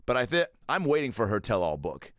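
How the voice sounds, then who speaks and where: A man hosting a podcast, telling animated, self-deprecating anecdotes in casual chat. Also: medium pitch, a little fast, no room sound, clean studio sound. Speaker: podcast host and stand-up comedian.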